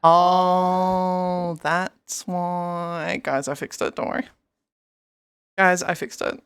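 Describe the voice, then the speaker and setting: A woman's voice: on the low side, little pitch movement, drawn-out words, smooth. A young woman live-streaming in casual chat, rambling and greeting her viewers by name over a headset mic.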